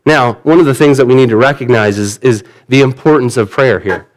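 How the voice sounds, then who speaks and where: A man's voice: medium pitch, brisk. A man preaching a sermon in an earnest, conversational way, retelling the story in everyday words. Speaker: pastor.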